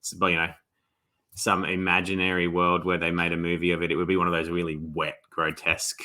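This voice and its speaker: An Australian man, an author being interviewed, talking in a relaxed, rambling way with many restarts. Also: deep voice, a little fast. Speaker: author guest. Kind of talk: casual interview.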